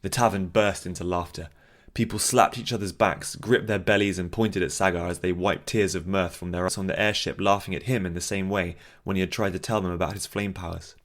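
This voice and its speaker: A male narrator reads a fantasy novel aloud in a steady, measured way. His voice sits very low and deep throughout. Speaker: audiobook narrator.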